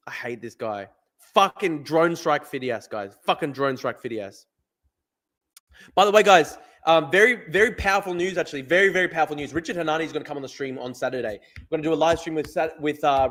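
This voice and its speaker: A man's voice: on the high side, fairly bright tone. A man hosting a live stream, joking crudely and chatting between bites. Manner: crude, joking, talks while eating. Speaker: livestream host. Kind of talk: casual live stream chat.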